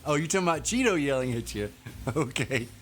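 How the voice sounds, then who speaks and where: A man's voice: a little high, animated, moderate pace, a bit bright, slight background noise. A man chatting casually with viewers while streaming a truck driving game, laid-back and laughing often. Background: faint music.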